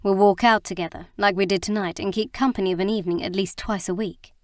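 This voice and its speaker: A woman reading the part of a blunt, teasing young husband in an audiobook, in a gruff, frank manner and dry sound. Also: mid-range voice, steady tone, quick pace, no echo, lightly acted.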